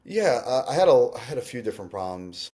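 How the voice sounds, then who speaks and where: A man's voice: medium pitch, very animated, a little mellow. A man, a company CEO, speaking candidly and reflectively in a conversational interview, often restarting sentences and filling with "like". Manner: candid and reflective, fast bursts with frequent restarts and "like".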